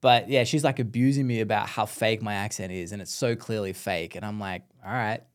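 A man's voice: on the low side, fairly quick. A young Australian man hosting a podcast, chatting casually, telling stories and laughing often. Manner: laughs often, animated storytelling. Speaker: podcast host. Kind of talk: casual chat.

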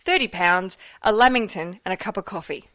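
A woman's voice: medium pitch, a little fast, fairly bright tone, no echo. Chatty Australian woman hosting a podcast. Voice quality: chatty, laughs easily, self-correcting. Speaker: podcast host. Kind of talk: casual chat. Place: in a car.

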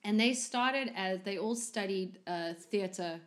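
A young woman chatting casually, telling a story with lively asides and playful quoted voices. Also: mid-range voice, a little slow. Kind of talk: casual chat.

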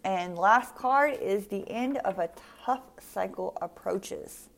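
A woman's voice: medium pitch, takes it slowly, gravelly. A woman hosting a spiritual podcast, giving tarot card readings to her listeners in an emphatic, casual way and often checking in with "right?" and "okay?".

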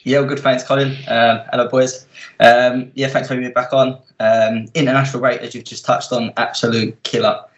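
A man from England, a guest on a football podcast, speaking in a relaxed way with lots of ums. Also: medium pitch, fairly quick, dull audio. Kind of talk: casual football podcast chat.

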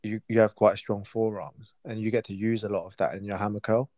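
A man's voice: on the low side, flat delivery, brisk, darkish tone, no room sound, clean studio sound. A man interviewing a guest in casual chat, asking curious questions with hesitant fillers.

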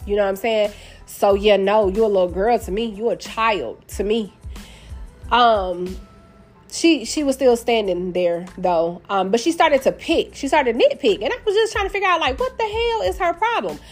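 A woman's voice: on the high side, expressive, normal speed. A woman, hosting a podcast and telling a story in a candid, sassy, chatty way. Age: 30s. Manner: candid and sassy, addresses listeners as y'all and baby. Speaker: podcast host. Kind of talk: casual storytelling monologue. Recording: faint music in the background.

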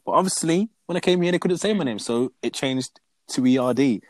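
A young man in casual chat, animated and repeating words as he rants. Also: mid-range voice, fairly quick, no room sound. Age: young adult.

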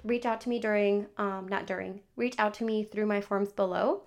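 A woman's voice: medium pitch, steady tone, normal speed. Chatty young woman telling a story. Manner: chatty, many "like" fillers, acts out child's replies. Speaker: podcast host. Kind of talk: casual storytelling to camera.

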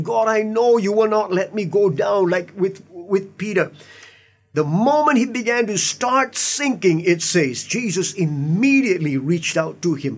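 A man, a pastor, preaching an earnest sermon with emphatic asides and repeated words. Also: high-pitched. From Indian heritage.

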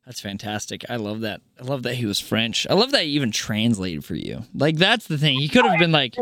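Joking laid-back interviewer, lively pitch. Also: brisk, no echo, clean studio sound. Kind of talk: casual interview chat.

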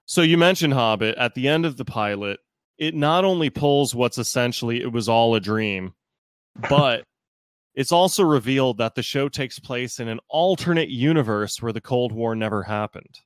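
A man co-hosting a casual podcast, thinking aloud in an animated way with quoted asides. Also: mid-range voice, moderate pace, no room sound. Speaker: podcast co-host.

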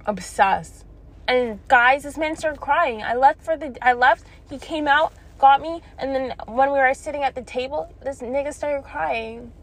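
A woman's voice: high-pitched, unhurried. A young woman telling a story in a blunt, profane casual rant, laughing between lines. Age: young adult. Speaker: vlogger.

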